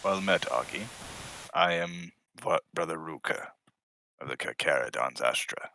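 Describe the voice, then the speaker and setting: A man's voice: a bass voice, measured pace, gravelly, pushed and bright, no echo, heavily acted. A man voicing a formal, stiff male space warrior who speaks with stiff courtesy. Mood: courteous.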